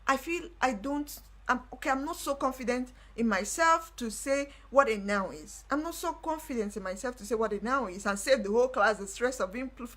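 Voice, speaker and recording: A young woman hosting a live stream, telling a personal story in casual talk with animated delivery and repeated phrases. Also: a little high, brisk, few pauses. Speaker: livestream host.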